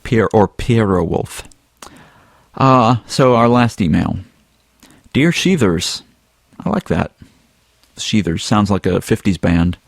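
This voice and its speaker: A man with a lowish voice hosts a podcast, loose and rambling as he reads a listener's email aloud. The sound is close and dry. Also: slow, gravelly, pauses often, no room sound. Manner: relaxed, rambling, with some filler words. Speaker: podcast host. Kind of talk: casual podcast chat, reading a listener email.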